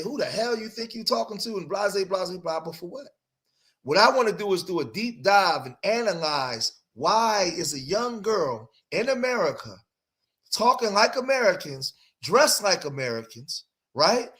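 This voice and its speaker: A man with a high-pitched, pushed, bright voice hosts a show where he comments on played clips. He speaks emphatically and rhetorically, often checking in with his listeners by asking "right?"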